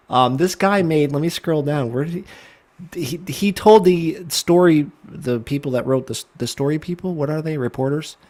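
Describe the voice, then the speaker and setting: A middle-aged man co-hosting a casual show over a video call, blunt and sarcastic, swearing freely. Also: fairly high pitch. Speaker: co-host. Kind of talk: casual banter.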